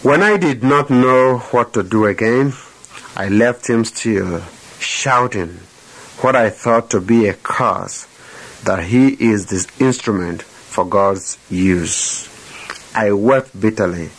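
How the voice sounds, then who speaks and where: A man's voice: fairly low pitch, slow, fairly bright tone, breathy edge, low-quality recording. A man, an evangelist telling his personal testimony in a sermon, earnest and often repeating words as he corrects himself.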